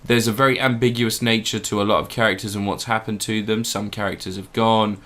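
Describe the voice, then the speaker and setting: A man's voice: lowish voice, little pitch movement, brisk, bright, forceful tone. A young man co-hosting a podcast, rambling and joking casually as he reviews a show. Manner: rambling, jokey, swears casually. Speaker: podcast co-host.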